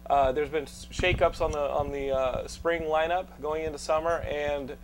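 A man with a Texan accent hosting a casual podcast, energetic and rambling with many fillers. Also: a little high, moderate pace. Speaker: podcast host. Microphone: studio podcast mic.

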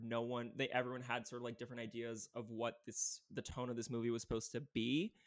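A man talking casually about films as a podcast guest, at a middle pitch. He rambles, stacking fillers as his ideas tumble out in animated bursts. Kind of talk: casual film chat.

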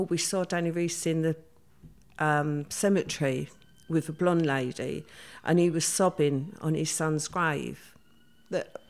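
An older woman, telling her story as an interview guest in a plain-spoken way and acting out what people said. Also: on the low side. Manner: plain-spoken, acts out quoted dialogue.

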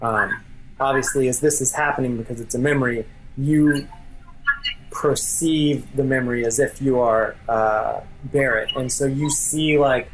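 Casual game master narrating a scene. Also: male voice, medium pitch, steady tone, unhurried, poor audio. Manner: casual, rambling, many fillers. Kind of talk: narrating a tabletop role-playing game.

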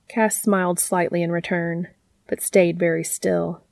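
A woman reading fan fiction aloud as the narrator, in an even, measured, intimate way. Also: on the low side, vocal fry, no echo.

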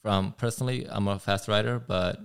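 A man's voice: lowish voice, steady tone, a little fast, creaky, clear, resonant tone. A man who rides motorcycles, a guest talking casually and thoughtfully, often restarting his sentences. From California. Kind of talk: casual interview talk.

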